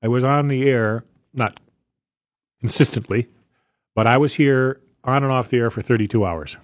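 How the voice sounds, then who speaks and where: A man's voice: medium pitch, moderate pace, dry recording, highs cut off. An older man talking plainly on a radio show, rambling a little with fillers. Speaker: longtime radio news guest. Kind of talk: casual radio conversation.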